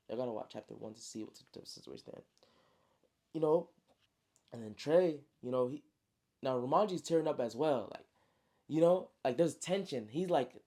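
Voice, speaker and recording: A man's voice: fairly high pitch, moderate pace, warm tone. A man casually retelling his own story like a friend, slangy and full of spoken sound effects. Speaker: storyteller, author.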